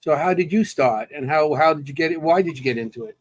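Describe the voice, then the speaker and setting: A co-host asking a guest questions in a relaxed way, with lots of encouraging murmurs. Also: medium pitch, quick pace. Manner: relaxed, encouraging, frequent mm-hmms. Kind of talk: interview questions.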